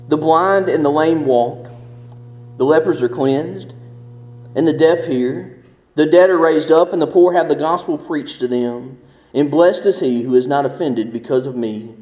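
A man preaching a sermon, reading scripture and explaining it in an earnest, emphatic way, slowing down on key verses. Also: fairly high pitch, darkish tone. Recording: echoey hall with long reverb.

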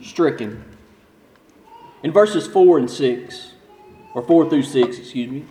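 High-voiced preacher in an echoey hall. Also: male voice, animated, darkish tone. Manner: rising to intense emphasis, then dropping low and slow. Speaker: pastor. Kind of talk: sermon.

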